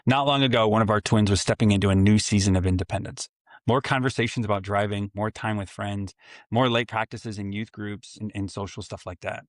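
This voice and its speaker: A man's voice: on the low side, fairly even intonation, fairly quick, no room sound, studio quality. A man in his forties hosting a solo parenting podcast, earnest and reflective, with self-mocking asides. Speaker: podcast host for fathers.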